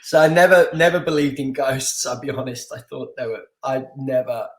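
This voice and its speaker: A middle-aged man from London telling a story as a podcast guest, animated and laughing often, with lots of restarts. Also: medium pitch, moderate pace, echoey room. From London, England. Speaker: podcast guest, martial artist and stunt actor. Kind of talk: casual storytelling interview.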